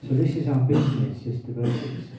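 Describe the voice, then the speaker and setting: A man's voice: mid-range voice, fairly quick, warm tone. A man giving a scripture class, quizzing the audience and repeating key phrases, with hiccups. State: has hiccups. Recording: tinny, distant, echoey room recording.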